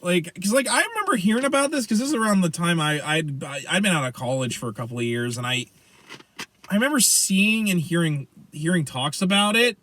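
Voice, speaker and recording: A man's voice: high-pitched, animated, fairly quick, sharp tone. A man in his late twenties, co-hosting a podcast in casual chat, rambling and profane, often stammering and restarting. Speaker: podcast co-host.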